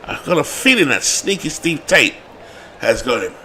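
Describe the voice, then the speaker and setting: London guy calling a tabletop baseball replay, voice swings up and down a lot, gets loud on deep hits, bit of hum behind. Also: normal speed. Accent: London English. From England. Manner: rises to excited calls on big hits. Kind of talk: livestream play-by-play commentary.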